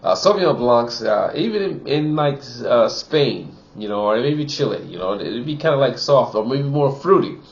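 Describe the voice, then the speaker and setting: A man's voice: mid-range voice, moderate pace, hardly any pauses, muffled recording. Chatty man reviewing wine. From Wisconsin. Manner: chatty, many "you know" fillers, excited exclamations while tasting. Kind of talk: casual wine tasting review.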